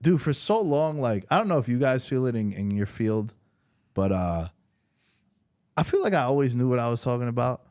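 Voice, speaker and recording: A young man talking as a podcast guest, slangy and emphatic, telling animated stories into a close studio mic. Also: mid-range voice, moderate pace, no room sound. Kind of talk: casual podcast conversation.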